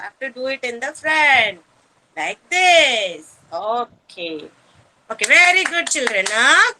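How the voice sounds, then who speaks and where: Indian English woman as kindergarten teacher on a video call, very bright tone, slow coaxing delivery. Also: high-pitched, low-quality recording. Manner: sing-song, coaxing, repeats questions to small children. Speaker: preschool teacher. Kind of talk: online kindergarten class.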